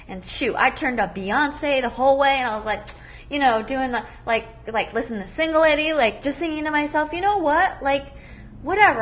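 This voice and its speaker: Woman podcaster, kinda high voice, chatty and animated, lots of "like"s. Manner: chatty, animated, many "like" fillers. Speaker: podcast host. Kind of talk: personal storytelling.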